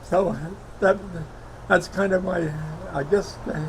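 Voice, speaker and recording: A man in his nineties from Brooklyn, recounting his war memories in an interview, halting with many fillers and heartfelt. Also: high-pitched, background noise. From Brooklyn, New York. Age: 90s. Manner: heartfelt, emotional recollection. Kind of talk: oral history interview.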